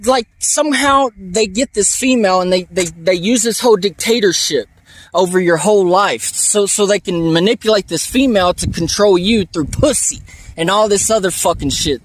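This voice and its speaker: A man's voice: high voice, slight background noise. A man at a remote outdoor camp arguing heatedly with a deputy, rambling, swearing and stammering over his words, filmed on a handheld phone. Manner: agitated, rambling, profane, stammers and repeats words. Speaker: vlogger filming a police encounter. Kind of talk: heated confrontation.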